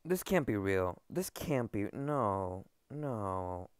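A man giving excited gameplay commentary to his viewers. He stammers and repeats himself and keeps calling them guys. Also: lowish voice, slow, clean tone, no echo, studio quality. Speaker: gaming video creator.

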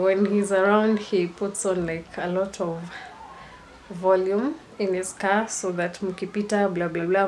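A woman's voice: mid-range voice, slight background noise. A young woman, chatting casually in a rambling storytime vlog. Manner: chatty and rambling, mixing in Swahili slang. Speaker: vlogger.

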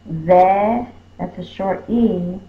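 A woman with a lowish voice walks through a spelling lesson, sounding out each word syllable by syllable at a very unhurried pace. The recording is roomy and a little dull, with a faint hum behind her. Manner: sounds words out slowly, stretching syllables. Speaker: teacher. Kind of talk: slow phonics lesson.

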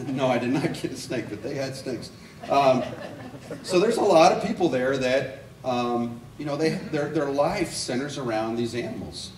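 A man preaching a sermon as an evangelist, telling stories with lively acted-out quotes. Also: mid-range voice, moderate pace, roomy sound, distant mic, noisy background. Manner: animated storytelling with acted-out quotes. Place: church sanctuary.

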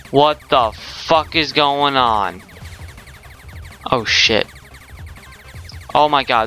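A man's voice: mid-range voice, takes it slowly, pauses often, sharp tone, soft background music. A young man giving rage gameplay commentary, swearing constantly with exasperated outbursts. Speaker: gaming YouTuber.

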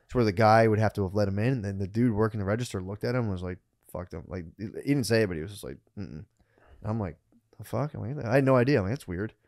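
A man in his thirties co-hosting a podcast, spinning a story in casual, profane talk. He jumps into the voices of the people he quotes, swinging from low mutters to loud bursts. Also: very fast. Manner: profane, animated, acts out quotes. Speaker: podcast co-host.

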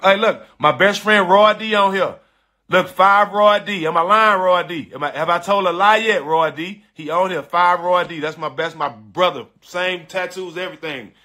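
Emphatic man telling a story, bright voice. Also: high-pitched. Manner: animated, emphatic, profane, repeating phrases for emphasis. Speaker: former pro basketball player. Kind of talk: casual storytelling to a live online audience.

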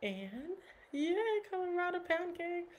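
A woman's voice: very high-pitched, expressive, slow. Chatty woman hosting a live stream. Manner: chatty, full of "like" and "um", greets viewers by name. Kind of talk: casual live stream recap.

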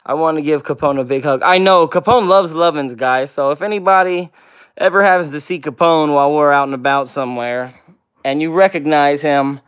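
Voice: medium pitch, fairly quick, clear, resonant tone. Affectionate pet livestream host. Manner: greets viewers by name and reads out chat comments; affectionate baby talk with the dogs. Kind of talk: casual livestream chat.

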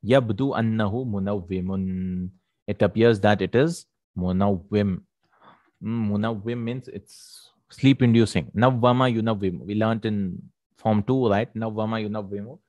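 Male Arabic teacher, lowish voice, dry recording; patient explainer who repeats terms and checks for understanding. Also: steady tone, darkish tone, no echo, muffled recording. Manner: checks in with "right?" and "hmm?", repeats Arabic words slowly. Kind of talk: explaining a textbook lesson.

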